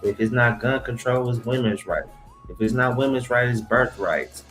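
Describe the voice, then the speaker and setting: A man's voice: mid-range voice, normal speed, a bit bright, faint music behind, low-quality recording. Man ranting heatedly in casual chat. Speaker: podcast co-host.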